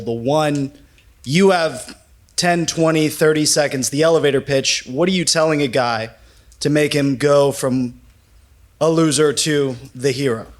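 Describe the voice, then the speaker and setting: A man in the audience who asks questions and searches for his words as he goes. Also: fairly high pitch. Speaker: audience member asking questions.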